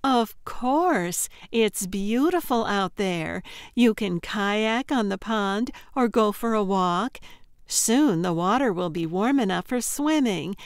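A woman's voice: mid-range voice, animated, slow, smooth, dry recording, studio quality. A woman narrator voicing a cackling, overly sweet woman who runs a remote compound, falsely cheerful and bossy. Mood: sugary, bossy. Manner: falsely cheerful, bossy, calls others dear.

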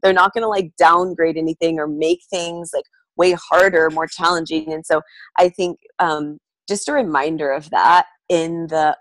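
A woman's voice: low-pitched, fairly even intonation, normal speed, no room sound. A woman calling in to a team call, chatting casually and bubbly with many fillers. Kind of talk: casual chat.

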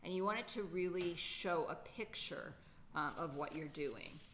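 A woman's voice: on the low side, a little slow, a bit bright, a little hiss or hum. A woman teaching a children's poetry lesson, patiently thinking aloud with many fillers. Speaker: writing teacher.

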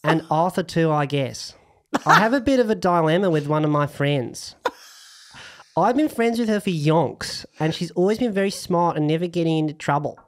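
A man's voice: on the high side, expressive, moderate pace, natural voice. A man reading a listener's letter aloud in a put-on Australian accent, voicing a cheery but worried young woman writing in. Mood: chatty.

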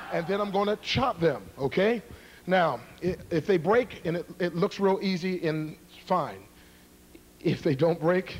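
A joking, energetic evangelist with a fairly high male voice, teasing a church congregation before a karate demonstration. He is middle-aged and talks with quick humor and showmanship. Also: slight background noise. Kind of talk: humorous sermon introduction to a live congregation. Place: church before a live audience.

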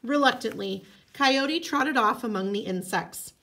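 A woman teacher reading a folk tale aloud, expressive, with casual asides. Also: a little high, a little slow. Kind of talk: storybook read-aloud.

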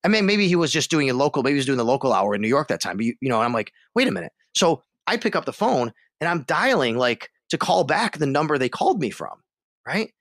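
A sports radio host, appearing as a podcast guest, tells a story in a medium-pitched voice at a fast clip. He's animated and acts out the other voices, and the clean studio recording has no echo.

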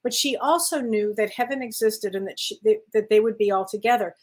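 A woman co-hosting as a spiritual medium, chatting casually, affirming and quick to laugh. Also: medium pitch, low-quality recording. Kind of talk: casual chat.

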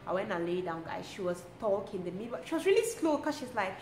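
A young woman, telling a personal story to her vlog audience in a lively, expressive way and laughing often. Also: mid-range voice, fast talker. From Cameroon. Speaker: lifestyle vlogger. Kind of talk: casual storytelling to camera. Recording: roomy with faint ambient noise.

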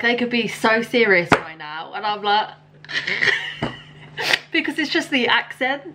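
A woman hosting a reaction video, chatting casually, giggly and quick to enthuse. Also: mid-range voice, background noise. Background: hip hop track playing clearly.

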